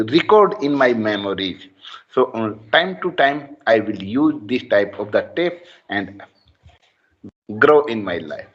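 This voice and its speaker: A man, a student speaking earnestly and haltingly to his teacher in an online class. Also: medium pitch, dull audio.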